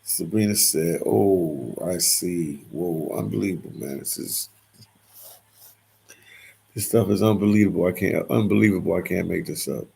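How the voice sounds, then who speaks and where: A man's voice: low-pitched, normal speed, creaky, warm tone, husky. A man hosting a casual livestream, reading viewers' comments aloud and answering them, often repeating his phrases.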